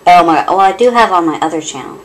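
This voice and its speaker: A woman giving gameplay commentary through a cheap headset, excitable and giggly, swearing and muttering to herself. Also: fairly low pitch, rapid-fire. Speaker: let's play host.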